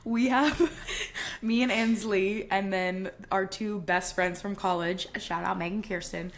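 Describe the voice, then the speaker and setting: A young woman in her twenties co-hosting a podcast, telling stories in an animated, dramatic way with casual swearing. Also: medium pitch, a little slow, slight background noise. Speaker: podcast co-host. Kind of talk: casual chat.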